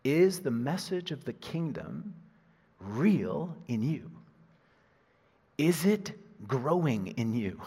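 A man preaching a sermon as a pastor, animated, moving from loud emphasis to hushed asides and laughing at himself. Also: a little high. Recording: husky voice in a reverberant hall.

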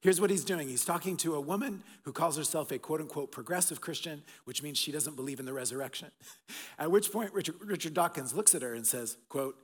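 A middle-aged man preaching an Easter sermon as pastor, swinging between loud emphatic bursts and soft, hushed passages. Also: a little high, a little fast, husky. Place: church auditorium. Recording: long reverb of a large hall.

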